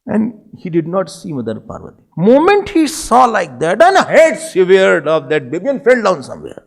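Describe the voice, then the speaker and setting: A man, a swami telling a devotional story in an animated way, dropping in Hindi phrases. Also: sits high, moderate pace, creaky. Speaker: swami, spiritual teacher.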